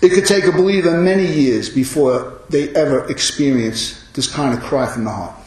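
A man preaching a sermon as pastor, impassioned, rising into loud cries on quoted lines. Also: a little high, normal speed. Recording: very echoey hall.

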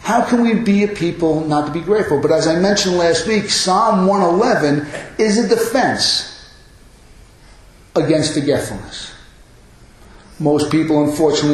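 A fifty-something man with a fairly high voice delivers an earnest sermon. He presses his points with insistent repetition. The room is strongly echoey around him. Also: normal speed. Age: 50s. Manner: earnest, emphatic, repeats phrases for effect. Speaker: pastor. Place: church hall.

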